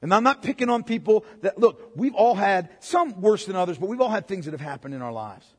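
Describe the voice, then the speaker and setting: A man's voice: high-pitched, animated, fairly quick, husky, long reverb tail. A pastor preaching a sermon in a conversational way, firing off rhetorical questions and calling listeners "man.".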